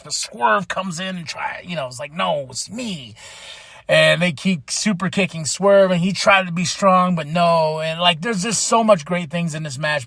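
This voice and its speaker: A young man from Texas hosting a podcast, excitedly recapping wrestling matches in a loose, swearing, animated way. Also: high voice, no room sound, studio quality. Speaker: podcast host.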